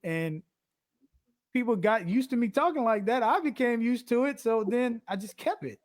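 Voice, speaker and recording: In this relaxed interview conversation, the guest is a man who writes songs and runs live streams. He pushes his speaking voice intentionally higher than normal while spinning silly, theatrical, lively tales.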